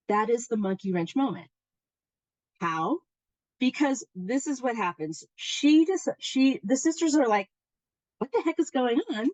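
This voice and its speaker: Animated woman presenter, dry close sound. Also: on the high side, no room sound, dull audio. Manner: animated storyteller, many fillers and restarts. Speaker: workshop presenter. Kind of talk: informal workshop talk.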